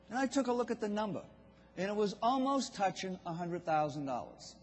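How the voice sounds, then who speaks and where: A man's voice: high-pitched, animated, fairly quick. A man with a Boston accent giving a motivational business seminar talk, telling stories and addressing the audience directly. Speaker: business speaker. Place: event hall. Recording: long hall reverb.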